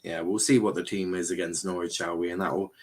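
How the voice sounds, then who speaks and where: Deep-voiced guy hosting a chatty panel show, reading comments and joking around. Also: flat delivery, fast. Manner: reads chat comments aloud, teasing. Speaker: show host. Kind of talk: casual panel chat.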